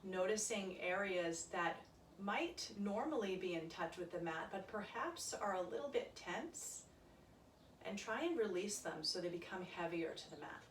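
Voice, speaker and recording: A woman guides a yoga session in a calm, soft-spoken way, cueing each breath and stretch. Her voice sits at an ordinary middle pitch. The sound is roomy and echoing, picked up from some distance with faint background hiss. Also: moderate pace. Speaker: yoga instructor. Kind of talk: guided yoga class instruction. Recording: echoey room, voice from a distance.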